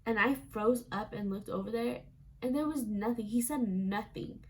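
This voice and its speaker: A woman's voice: a little high, moderate pace. A young woman vlogger telling a casual storytime, chatty and full of "like" fillers, acting out quoted lines.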